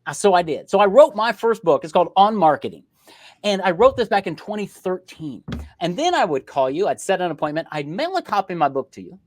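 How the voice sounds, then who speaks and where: A middle-aged man, a podcast guest, telling his story in a lively way and acting out bits of dialogue. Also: sits high, a little fast, slight background noise. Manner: lively storyteller who acts out dialogue in changed voices. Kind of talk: casual interview storytelling.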